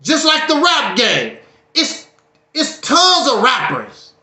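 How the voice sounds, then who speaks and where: A man's voice: very high-pitched, huge pitch swings, slow, crowd noise. A man giving a casual livestream monologue, preachy and joking with a dramatic streak. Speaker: YouTube streamer. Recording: echoey room.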